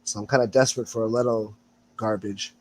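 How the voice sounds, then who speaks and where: A man's voice: fairly low pitch, steady tone, fairly quick, slight background noise. A man chatting as a guest about his videos, easygoing and profane. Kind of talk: casual chat.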